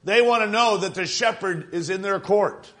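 A man's voice: sits high, normal speed, a bit bright. A male pastor giving an emphatic evening sermon, repeating phrases and asking his congregation "right?".

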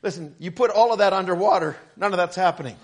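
High-voiced preacher shouting his points. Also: quick pace. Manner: rising to shouted emphasis, with stammered restarts. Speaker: pastor. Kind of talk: sermon.

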